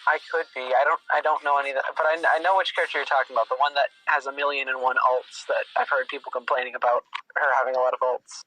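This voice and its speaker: A man's voice: mid-range voice, flat delivery, fast, pushed and bright, faint music behind, low-quality recording. A young man chatting casually as a guest, thinking aloud and restarting his sentences often. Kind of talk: casual chat.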